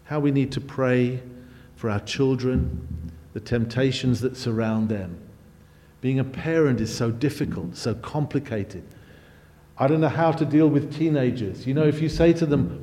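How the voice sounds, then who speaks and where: A man's voice: lively intonation, normal speed. Emphatic male preacher in a reverberant hall. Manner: emphatic, swelling louder and higher on key phrases. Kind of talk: sermon.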